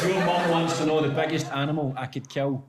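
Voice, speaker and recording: A man's voice: fairly high pitch, fairly even intonation, moderate pace. A Scottish man chatting as a comedian guest, trading laughing, sweary banter. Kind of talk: casual comedic chat. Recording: noisy recording.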